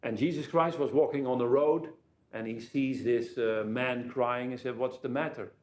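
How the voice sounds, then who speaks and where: A man's voice: mid-range voice, steady tone, normal speed, a little mellow, reverberant. A jet-lagged man giving a conference keynote over a telepresence link, telling anecdotes and jokes. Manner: anecdotal, joking storyteller. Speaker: keynote speaker.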